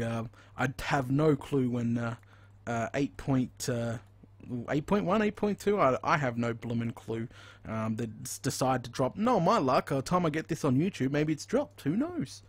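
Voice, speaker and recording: A man with an Australian accent giving live, chatty commentary as he plays a video game and thinks out loud. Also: medium pitch, husky, dry recording. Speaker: gaming streamer.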